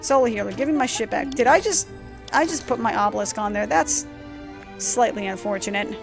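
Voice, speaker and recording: Gravelly, excitable woman gamer. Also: fairly high pitch, brisk, over music. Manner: rambling, excitable and profane. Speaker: gaming streamer. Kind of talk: casual let's-play commentary.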